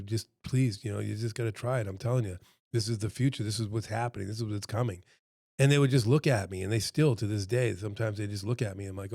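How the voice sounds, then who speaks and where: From home, with his dog close by, a middle-aged restaurant consultant speaks to camera in a chatty, sincere way, using lots of fillers and acting out quoted voices. His mid-range voice is a little mellow, and the recording is dry and studio-clean.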